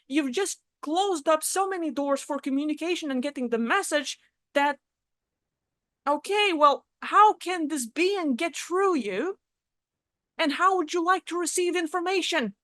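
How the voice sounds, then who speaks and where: A woman's voice: high-pitched, lively intonation, moderate pace, a bit bright, no room sound. A woman giving a casual, blunt spoken talk on spiritual practice, swearing freely as she explains. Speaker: spiritual vlogger. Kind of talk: casual teaching monologue.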